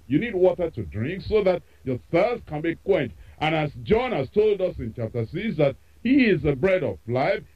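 Male radio preacher, emphatic and repetitive, animated pitch, lo-fi broadcast sound. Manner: emphatic, repeats phrases for effect. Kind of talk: sermon.

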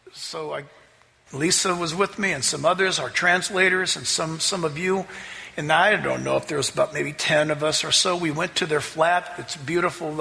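Pastor, male, high-pitched and gravelly, preaching with emphatic storytelling in a reverberant hall. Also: pushed and bright. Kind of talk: sermon.

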